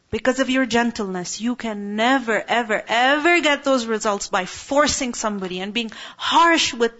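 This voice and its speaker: A woman in her thirties teaching an Islamic class in a calm, conversational way, often checking in with her listeners. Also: fairly high pitch. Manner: calm, conversational, many tag questions. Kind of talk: religious class talk. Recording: dull lo-fi recording.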